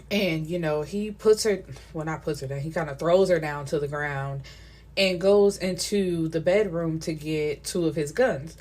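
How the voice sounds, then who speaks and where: A woman with a low voice retells a novel's plot in a loose, chatty way. She leans on fillers and slips in quoted lines from the characters as she goes. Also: darkish tone. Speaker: book reviewer. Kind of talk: casual book recap.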